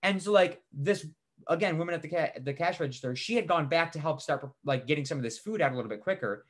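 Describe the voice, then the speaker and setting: A man co-hosting a podcast, telling a story in animated casual chat, swearing freely and saying "like" a lot. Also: a little high, quick pace. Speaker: podcast co-host.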